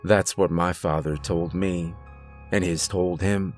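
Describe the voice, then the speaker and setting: A man voicing a stern, secretive grandfather who gives grave, hushed warnings. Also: low voice, fairly even intonation, takes it slowly, faint music behind. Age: older.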